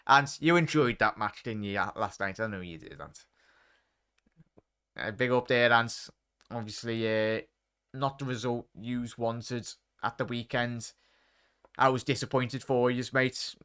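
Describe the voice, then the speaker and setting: A man's voice: on the low side, pushed and bright, clear, resonant tone. A man hosting a live football watchalong in casual chat, talking to viewers by name with lots of fillers. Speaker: watchalong host.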